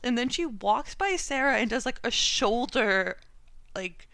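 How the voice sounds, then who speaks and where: Chatty young-sounding woman, gravelly edge. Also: on the high side, normal speed, a bit bright, no echo, clean studio sound. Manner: chatty, laughs often, lots of likes. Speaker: podcast co-host. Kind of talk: casual chat.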